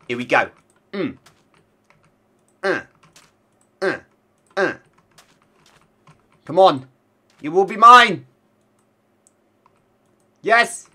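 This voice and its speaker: A man's voice: fairly high pitch, very animated, takes it slowly, long pauses, pushed and bright, slightly rough. A man with a cold, sounding a bit congested, chatting casually to himself and his viewers as he plays a block-building game. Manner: chatty, talks to himself and the animals. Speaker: gaming channel host. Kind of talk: casual Minecraft let's-play commentary.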